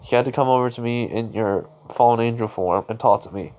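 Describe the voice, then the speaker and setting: A man's voice: medium pitch, a little fast, darkish tone, lightly acted. A man doing a sarcastic, annoyed teenage boy. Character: irritated teenage boy, blunt and defensive.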